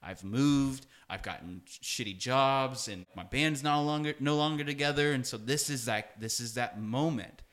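A young man talks as a podcast guest in a relaxed, storytelling way. He leans on "like" constantly and jumps into quoted voices to act out scenes. His voice sits at an ordinary middle pitch for a man. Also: moderate pace, hardly any pauses. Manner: animated, fills speech with "like", acts out quoted dialogue. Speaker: podcast guest, music producer. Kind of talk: casual storytelling conversation.

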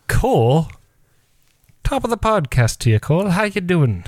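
A man's voice: high voice, big pitch swings, a little slow, darkish tone, no echo, studio quality. A man hosting a casual podcast chat, joking and laughing often. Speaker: podcast host.

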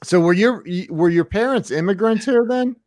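A man's voice: high voice, normal speed, darkish tone, dry recording. A man hosting a podcast interview, asking questions in a hesitant, curious way. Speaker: podcast host. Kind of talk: interview conversation.

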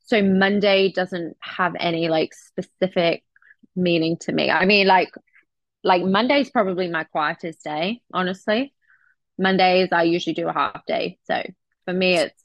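Chatty English actress, muffled dry audio. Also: female voice, fairly low pitch, a little slow, dry recording. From England. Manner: relaxed, chatty, with frequent restarts. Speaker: actress guest. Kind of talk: casual interview chat.

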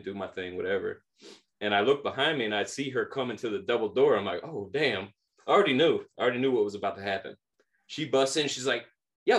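A man in his thirties co-hosting a podcast, telling a story casually, laughing often and acting out the people in it. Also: mid-range voice. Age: 30s. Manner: animated, laughs often, acts out quoted voices. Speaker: podcast co-host.

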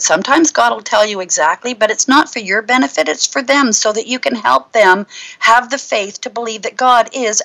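A middle-aged woman minister, a guest on a talk show, sharing a personal testimony in a casual, lively storytelling way. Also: fairly high pitch, low-quality recording. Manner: lively storyteller who acts out her own past thoughts.

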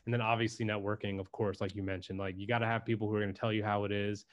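A man's voice: on the low side, little pitch movement, very fast, muffled recording. A man talking as a podcast guest in casual chat, emphatic and loose, swearing freely and restarting his sentences.

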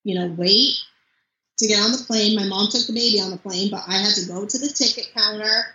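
Young woman, bright voice, chatty storytelling, echoey dull recording. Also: medium pitch, brisk, a little hiss or hum. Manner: chatty, animated storytelling with mimicked child voice. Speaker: podcast guest. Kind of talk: casual interview chat.

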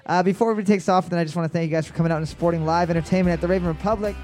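A man's voice: sits high, steady tone, rapid-fire, darkish tone, soft background music. A man hosting live trivia at a bar into a handheld mic, brash and joking, swearing freely and bellowing his calls. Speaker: trivia quizmaster.

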